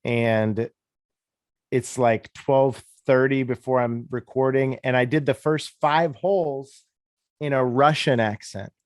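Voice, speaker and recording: Relaxed, rambling man in his thirties. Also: medium pitch, takes it slowly, dry recording, studio quality. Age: 30s. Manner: relaxed, rambling, self-deprecating. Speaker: disc golf commentator. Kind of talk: casual interview storytelling.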